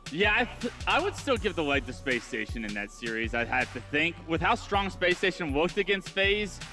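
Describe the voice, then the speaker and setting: A man's voice: on the high side, sing-song, normal speed, pushed and bright, faint music behind. A man who analyzes esports on a live broadcast desk and gives confident, reasoned predictions.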